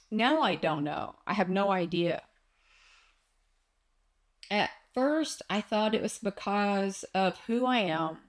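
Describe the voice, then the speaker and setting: A woman talking in a personal vlog, distressed and close to tears, searching aloud for answers. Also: medium pitch. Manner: distressed and searching, slow with many pauses. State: on the verge of tears. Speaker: vlogger.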